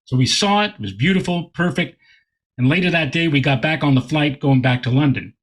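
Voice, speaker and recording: Astronomer guest, male, husky slightly high voice, animated storyteller. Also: brisk. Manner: animated, repeats words while telling a story. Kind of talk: anecdotal storytelling in interview.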